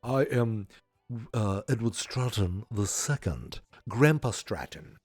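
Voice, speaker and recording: A man's voice: lowish voice, lively intonation, darkish tone, dry recording. A man putting on a stiff old rich grandfather. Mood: stately. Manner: slow, formal, halting. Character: stiff elderly rich grandfather, formal and slow.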